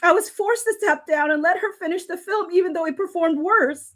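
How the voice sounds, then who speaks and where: Woman, high voice, casual live stream commentary, reads messages aloud, emotional. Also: fairly quick, a bit bright. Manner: emotional, laughing and near tears while reading. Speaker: livestream commentator.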